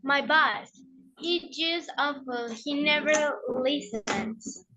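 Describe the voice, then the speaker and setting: Very slow, halting student. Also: female voice, high voice, sharp tone, slight background noise. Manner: halting, unsure. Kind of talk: practicing English conversation. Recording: dull lo-fi video call.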